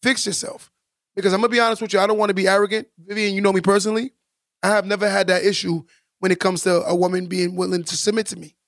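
A man's voice: sits high, level tone, fast, fairly bright tone, dry recording, clean studio sound. A man co-hosting a casual podcast, talking emphatically and preachily, repeating points for stress. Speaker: podcast co-host.

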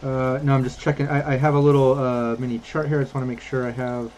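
A man running a tabletop game as game master, talking in a relaxed, rambling way with many fillers. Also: mid-range voice, fast talker, a little hiss or hum.

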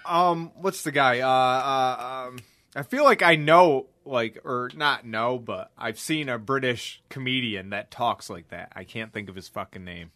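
A man's voice: medium pitch, unhurried, fairly bright tone, dry recording. A young man hosting a podcast, laughing and swearing through casual chat. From United States. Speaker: podcast host.

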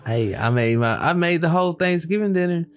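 A man's voice: on the high side, expressive, soft background music. A man who is a guest on a podcast, chatting casually and joking as he goes. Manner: joking, quick, laughs often.

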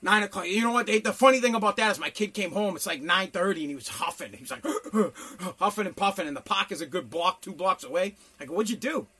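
A man's voice: sits high, fast talker, few pauses. A middle-aged man telling a blunt, profane story in a casual rant. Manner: animated, profane, blunt storytelling with mock voices.

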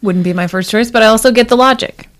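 A woman's voice: fairly high pitch, fast. A woman co-hosting a casual chat, reacting with wry jokes.

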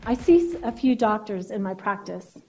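A woman's voice: mid-range voice, moderate pace, dark tone, soft background music, low-quality recording. A woman therapist giving a keynote speech in a conversational lecturing way, often checking in with "right?".

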